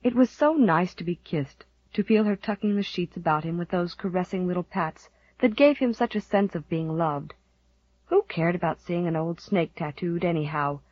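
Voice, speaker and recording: Woman narrator, audiobook, breathy, dull dry recording. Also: on the low side, moderate pace, no echo. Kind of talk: scripted narration.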